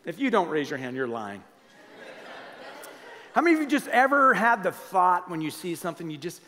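Man, pastor, middle-aged, animated conversational sermon, slightly high voice, long hall echo. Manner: conversational, animated preaching with audience asides.

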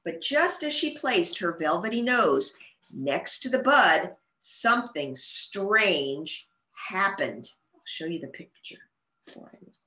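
Woman storytime reader, expressive and sing-song, bright tone. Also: fairly low pitch, takes it slowly. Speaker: children's librarian. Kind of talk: storytime read-aloud. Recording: roomy echo.

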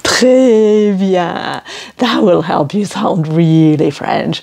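Geordie lady teaching kids french, super slow and bouncy, voice swoops up and down. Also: animated, creaky, darkish tone. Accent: Geordie English. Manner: playful, slow and exaggerated, with big swoops in pitch. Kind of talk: children's language lesson.

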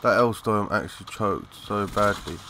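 A young man giving live, excitable commentary over a shooter game, swearing and chatting in slang. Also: lowish voice, a little slow, background noise. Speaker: gaming commentator.

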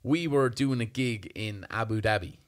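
A young Irish man co-hosting a podcast, telling an animated, self-mocking story in casual chat. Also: fairly low pitch, normal speed. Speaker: podcast co-host.

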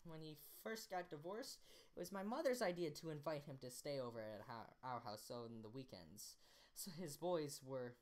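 A woman's voice: sits low, expressive, normal speed, a little mellow. A young woman reading a novel aloud in a casual, playful way, stopping to correct herself and laughing at her own slips. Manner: playful, self-interrupting, slips into voices. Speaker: reader. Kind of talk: casual amateur book reading.

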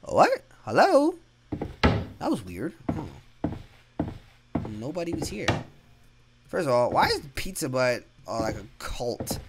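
A young man giving casual commentary while playing a horror game, reacting loudly and saying "bro" a lot. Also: mid-range voice, big pitch swings, takes it slowly, pauses often, heavy background noise. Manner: casual, reactive, swears, says "bro" often. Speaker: gaming YouTuber. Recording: game music behind voice.

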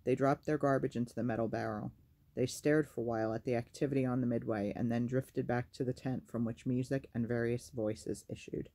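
A man reading a novel aloud as a storyteller, in a measured, even way. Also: medium pitch.

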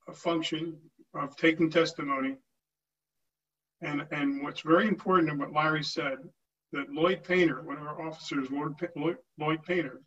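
An older man addresses a town hall with earnest conviction, stopping and restarting as he goes. His voice sits fairly high. He is heard from a distance on a dull, lo-fi recording. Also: fairly bright tone, slight background noise. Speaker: veteran speaker at a town hall. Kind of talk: informal address to a meeting.

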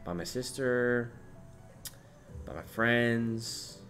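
A man's voice: mid-range voice, very slow, soft background music. A young man in his twenties streaming live, casually reading viewer comments aloud and swearing now and then. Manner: swearing, animated, shouts out chat names and places.

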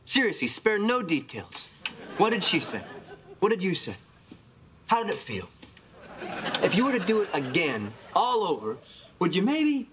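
A man's voice: high-pitched, huge pitch swings, normal speed, long pauses, background noise. An actor playing a brash, boastful womanizing friend in a sitcom. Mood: cocky. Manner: cocky, boastful. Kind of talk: sitcom acting.

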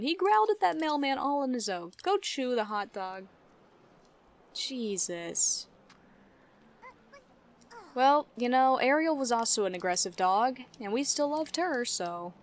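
A young woman talks her way through a life-sim game, chatting straight at her characters and laughing between lines. Her voice sits a little high and stays casual and unscripted. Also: animated, a little slow, no room sound. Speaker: let's play gamer. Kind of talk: casual gameplay commentary.

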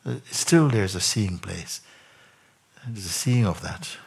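A man as a spiritual teacher in a satsang, probing a questioner by repeating questions back in slow, reflective phrases. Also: low-pitched, expressive, creaky, a little hiss or hum. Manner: slow, reflective phrasing with frequent "you know" and "no?". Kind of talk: satsang talk answering a questioner.

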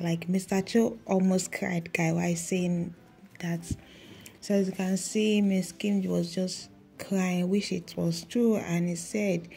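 A woman's voice: on the low side, level tone, slow, vocal fry, soft background music. A woman hosting a reaction video, recapping a drama episode in casual chat, saying "guys" a lot and reading lines aloud. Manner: keeps saying "guys," reads out subtitle lines, soft near-whisper at times.

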